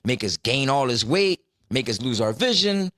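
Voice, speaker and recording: A man's voice: mid-range voice, big pitch swings, normal speed, sharp tone. A man co-hosting a podcast, agreeable and blunt, swearing casually.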